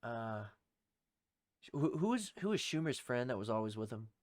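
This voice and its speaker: A young man co-hosting a podcast, telling a rowdy story in casual talk, swearing heavily and shouting out the lines of people in it. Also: mid-range voice, sing-song, moderate pace, no echo, clean studio sound. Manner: heavy swearing, acts out shouted quotes. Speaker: podcast co-host.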